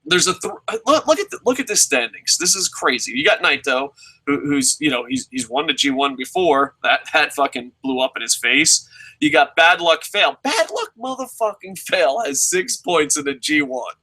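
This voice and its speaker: A man reviewing wrestling shows in casual, profane commentary, excitable, with frequent swearing and stammering. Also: a little high, normal speed, low-quality recording.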